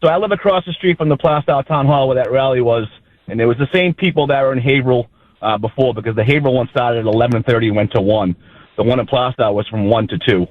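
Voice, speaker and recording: A man's voice: medium pitch, quick pace, no room sound. A man in his thirties from New Hampshire, calling into a radio show and telling a story indignantly. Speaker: caller. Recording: dry, tinny phone line.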